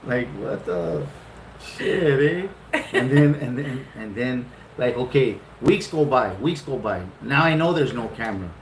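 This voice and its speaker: A middle-aged man casually telling a long, funny story, swearing freely and jumping up in pitch for retold lines. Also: unhurried, slight background noise. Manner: animated, profane, laughing often, jumps into high-pitched retellings. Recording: roomy echo.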